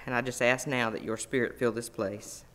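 A man's voice: mid-range voice, fairly even intonation, moderate pace, a bit bright. Man leading a closing prayer.

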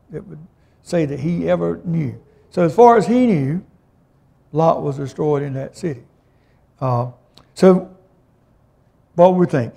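A male preacher delivering a sermon, reading scripture aloud and then unpacking it in plain words. His voice sits a little high for a man, with a dark, mellow tone and a gravelly edge. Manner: plain-spoken, reads scripture aloud and explains it.

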